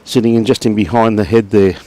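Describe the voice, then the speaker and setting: A man's voice: fairly low pitch, fast talker. Laid-back Australian man calling bowls. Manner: relaxed, chatty, greets viewers by name. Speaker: lawn bowls commentator. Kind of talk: live sports commentary and chat to viewers.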